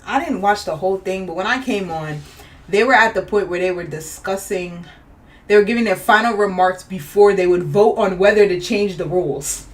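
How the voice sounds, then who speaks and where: A woman co-hosting a casual podcast chat, animated and laughing, acting out the people she talks about. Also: medium pitch, normal speed, far from the mic. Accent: Boston. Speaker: podcast co-host.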